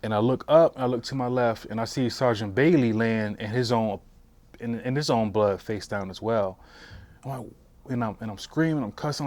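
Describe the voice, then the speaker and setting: A man in his forties, a veteran, telling his story for an oral history interview in a halting way with frequent restarts. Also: medium pitch, darkish tone, no echo. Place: interview room.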